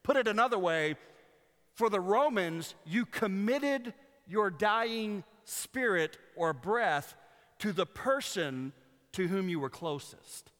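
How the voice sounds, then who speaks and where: A man preaches in a church, earnest and rhythmic, circling back to phrases for weight. His voice sits a little high and rings bright. It trails off into a long echo through the sanctuary. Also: animated, takes it slowly. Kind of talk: sermon. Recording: long hall reverb.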